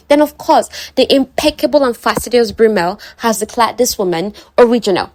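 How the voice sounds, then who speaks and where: A young woman retelling a romance novel in a chatty, animated and dramatized way. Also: mid-range voice, fairly quick, hardly any pauses, no echo. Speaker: book summary vlogger. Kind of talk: casual story retelling.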